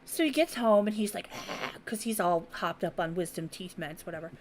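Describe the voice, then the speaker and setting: A woman's voice: on the low side, fairly quick, slight background noise. A woman hosting a casual podcast, telling a story bluntly and profanely, acting out the voices of the people in it. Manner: animated storyteller who acts out quoted voices. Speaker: podcast host.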